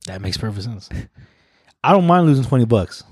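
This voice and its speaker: Profane, animated man telling a story. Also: medium pitch, a little fast, slightly rough, dry recording, clean studio sound. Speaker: podcast co-host. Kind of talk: casual chat.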